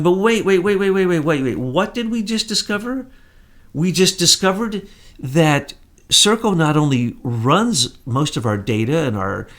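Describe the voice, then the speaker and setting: A man hosting an online commentary show, talking casually and emphatically to viewers with rambling asides. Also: mid-range voice.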